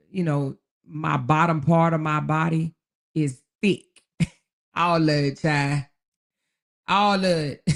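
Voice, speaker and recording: Gravelly-voiced woman hosting a folksy chat. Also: sits low. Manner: chatty, folksy, calls viewers baby, child and honey; laughs often while talking. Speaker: livestream host. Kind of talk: casual live chat reading viewer comments.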